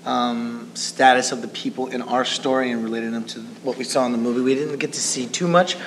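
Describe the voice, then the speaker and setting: Male actor with a flat, even delivery. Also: mid-range voice, a little fast, a little hiss or hum, rough recording. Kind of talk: casual interview.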